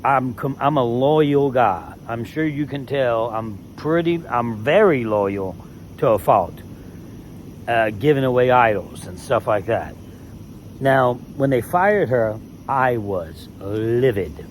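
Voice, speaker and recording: A former reality show contestant telling a story in a heated, emphatic way, swearing freely. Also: male voice, medium pitch, animated, slow pace, slight background noise. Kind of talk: casual storytelling rant.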